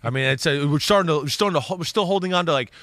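A man's voice: on the high side, very fast, dry recording, clean studio sound. Fired-up, blunt football analyst man. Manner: animated, blunt, swears freely. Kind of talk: casual podcast talk.

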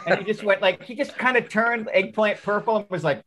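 A man co-hosting a podcast, telling animated stories and acting out what people said. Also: high voice, a little fast. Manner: animated storyteller, acts out quotes. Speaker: podcast co-host. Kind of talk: casual chat.

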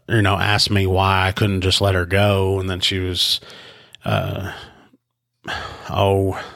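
A man's voice: low voice, vocal fry, a bit bright, dry recording, studio quality. A congested man, a sheriff's investigator and podcast host, telling a story casually with lots of fillers and restarts. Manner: rambling, with many fillers and restarts. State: congested, stuffed up.

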